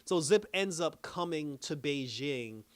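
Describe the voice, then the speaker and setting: Man, review host, casual recap, slangy, chatty, quick laughs, fairly high voice. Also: expressive.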